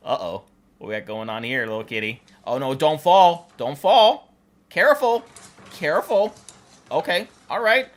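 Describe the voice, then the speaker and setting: A woman with a lower voice that swoops widely, unhurried as she comments on animal clips. She coos and exclaims at the pets and laughs often in her reaction-video commentary. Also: expressive.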